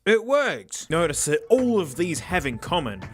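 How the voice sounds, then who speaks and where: A young man doing a sarcastic, animated unboxing review, breaking into shouts and laughs. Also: a little high, unhurried, breathy edge, faint music behind. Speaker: tech reviewer.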